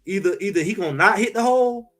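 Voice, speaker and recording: A man co-hosting a sports talk show in casual, emphatic chat, trash-talking and animated. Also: sits high, fast, soft background music.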